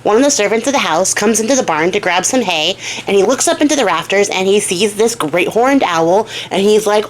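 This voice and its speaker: A woman's voice: mid-range voice, expressive, a little fast, few pauses, slight background noise. A young woman telling a fairy tale in a casual, slangy way, with swearing and side comments. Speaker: storyteller and craft vlogger. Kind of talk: casual storytelling.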